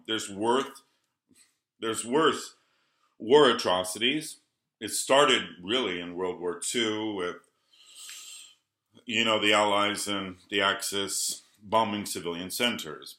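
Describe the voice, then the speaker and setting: A man talks very slowly in a bright, edgy tone, caught in a roomy, echoing space. He rambles through an early-morning monologue, dropping to quiet mutters and then flaring into loud, angry bursts. He swears often and keeps apologizing for getting worked up. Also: mid-range voice. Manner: swings from muttering to heated outbursts, apologizes, swears. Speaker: vlogger. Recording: roomy echo.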